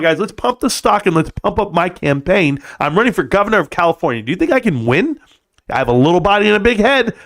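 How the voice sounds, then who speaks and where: A man's voice: high voice, a bit bright, voice pushed up, full character voice. A man parodying a smug finance YouTuber. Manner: upbeat, salesy, mock-cheerful. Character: smug male finance YouTuber hawking classes.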